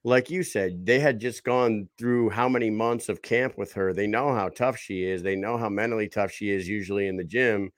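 A man hosting a casual podcast, speaking in a relaxed, conversational way. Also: lowish voice, moderate pace, few pauses, dry recording, studio quality.

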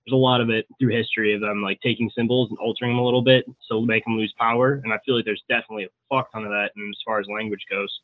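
Fast-talking American man on a tinny line. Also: lowish voice, steady tone, no room sound. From USA. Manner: fast, loose and heavily profane. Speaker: podcast host. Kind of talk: casual podcast chat. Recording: tinny phone-like call audio.

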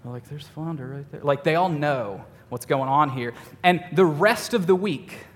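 Animated young man preaching in a hall. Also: on the high side, measured pace. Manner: animated, self-mocking storytelling with frequent "like". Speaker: youth pastor. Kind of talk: sermon with personal storytelling.

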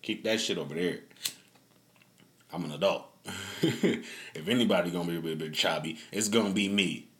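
Deep-voiced man hosting a loose podcast. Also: moderate pace, long pauses. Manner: loose, profane, laughing storyteller. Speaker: podcast host. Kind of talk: casual podcast chat.

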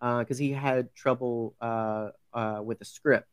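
A man's voice: mid-range voice, steady tone, a little slow, clear, resonant tone, no echo, clean studio sound. A man hosting a casual podcast chat, enthusiastic but hesitant, with frequent ums. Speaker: podcast host.

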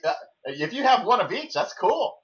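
A man's voice: high voice, very animated, normal speed, a bit bright, muffled recording. A man hosting an interview, stumbling over his words as he asks questions and thanks his guest. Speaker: podcast host. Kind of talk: casual interview.

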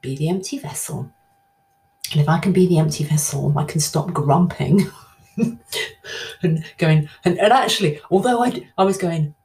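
A middle-aged woman hosting her own podcast, chatting casually and reflectively with lively swings in her voice. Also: moderate pace, vocal fry. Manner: chatty, self-reflective, animated swings in pitch. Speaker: podcast host. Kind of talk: casual solo podcast talk.

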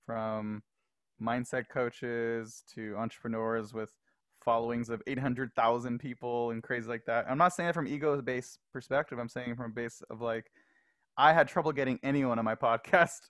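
Animated, laughing man telling stories. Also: mid-range voice, moderate pace, dry recording, studio quality. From Los Angeles. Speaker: podcast guest. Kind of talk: casual storytelling.

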